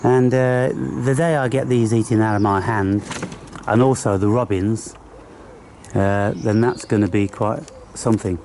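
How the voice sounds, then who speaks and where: A man's voice: lowish voice, steady tone, a little slow, darkish tone, slight background noise. A man vlogging outdoors on a handheld camera, chatting and coaxing birds and squirrels. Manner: chatty, coaxing animals in a singsong voice. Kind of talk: casual outdoor vlog talking to birds and squirrels. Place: outdoors in a garden or woodland.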